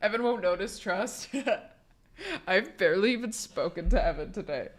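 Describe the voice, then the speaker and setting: A young woman streamer, hoarse from being sick, chatting casually and profanely while reading out her chat. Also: mid-range voice, lively intonation, moderate pace.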